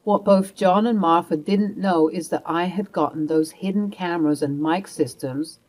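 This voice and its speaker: A woman's voice: fairly low pitch, normal speed, darkish tone. A woman narrating a first-person family drama story and speaking her own coldly assertive lines.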